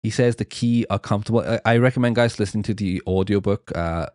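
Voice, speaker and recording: Deep-voiced chatty podcast host from Wales. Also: male voice, quick pace, darkish tone, dry recording, studio quality. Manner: chatty, rambling, with fillers and laughs. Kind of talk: casual podcast chat.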